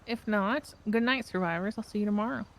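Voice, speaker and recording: A woman as a show host in role-play, brisk and directing the group. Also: mid-range voice, noisy background.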